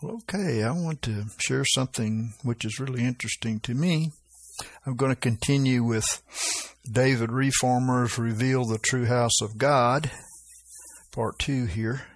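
A man's voice: mid-range voice, a little slow, no room sound. A man preaching an informal sermon, reading scripture aloud with lifted emphasis and often asking his listeners "right?".

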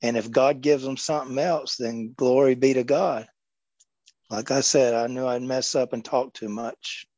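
Mellow man, dull lo-fi sound. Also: medium pitch, fairly even intonation, moderate pace, no room sound. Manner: self-deprecating. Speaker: church group member. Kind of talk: sharing in a group.

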